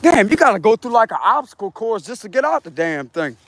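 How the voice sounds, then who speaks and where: He's a tarot reader with a high, sing-song voice, a brisk pace and a fairly bright tone, recorded with no room sound. As he walks a wooded trail, he chats laid-back and profane with his viewers, slang and laughter throughout, in a casual vlog.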